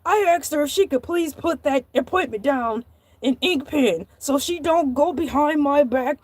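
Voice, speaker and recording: A woman's voice: high-pitched, normal speed, no echo, natural voice. A woman playing a chatty male shark who hosts his own live-stream show, rambling and indignant, repeating herself as she rants. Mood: ranting. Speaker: livestream host. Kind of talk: comedic live-stream character monologue.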